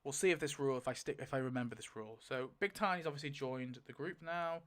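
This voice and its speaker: A man's voice: mid-range voice, fast, a bit bright. A young man giving casual commentary as he spins a wheel to pick story outcomes, rambling with lots of filler and frequent swearing. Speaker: video creator.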